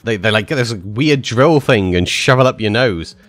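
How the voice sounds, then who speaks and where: A man's voice: fairly low pitch, animated, normal speed, a bit bright, no room sound. A man chatting casually with his live-stream viewers, rambling with many fillers and restarts.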